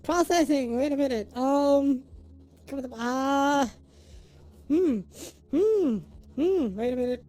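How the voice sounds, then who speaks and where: A woman's voice: high-pitched, slow pace, long pauses, dark tone. A woman live streamer chatting casually with her viewers, thanking them by name and swinging between giggles and near tears.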